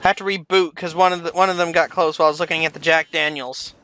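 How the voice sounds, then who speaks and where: Co-op gamer, casual commentary, directs teammate, crisp tone, bright. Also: medium pitch, fast talker. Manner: steady, explains and directs. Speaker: co-op player.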